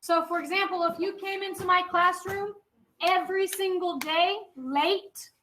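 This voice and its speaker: A woman's voice: very high voice, steady tone, unhurried, bright, forceful tone, a little hiss or hum, low-quality recording. A woman teacher giving a classroom lecture. She explains step by step, checks in often with "okay?" and is firm with chatty students.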